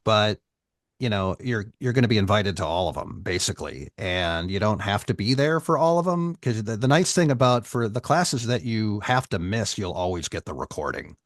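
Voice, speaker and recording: Low relaxed guy running an online voiceover class, dry mic. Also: moderate pace, no echo. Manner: relaxed conversational explaining.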